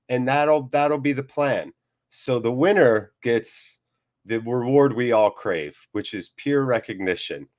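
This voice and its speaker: Chatty, upbeat live-stream host. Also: male voice, mid-range voice, darkish tone. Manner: upbeat, jokey, chatty, reads out viewer comments. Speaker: host of a live football watchalong. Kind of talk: live-stream chat to viewers.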